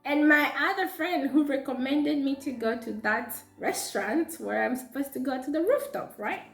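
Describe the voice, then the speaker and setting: A woman with a Zambian accent telling a storytime vlog, animated and laughing often as she talks. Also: high voice, moderate pace, gravelly. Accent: Zambian English. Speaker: vlogger. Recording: roomy echo with faint background music.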